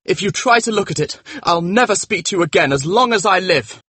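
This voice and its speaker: An actor playing a vain, defiant young man, husky and emphatic, in an audiobook drama reading. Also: medium pitch, sing-song, moderate pace, dry recording. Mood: alarmed.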